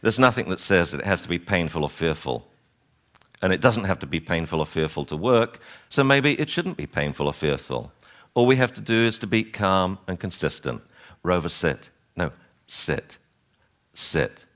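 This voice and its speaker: A man lecturing a seminar on dog training, animated and wryly exasperated, acting out owners and dogs as he goes. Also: sits low, a little fast.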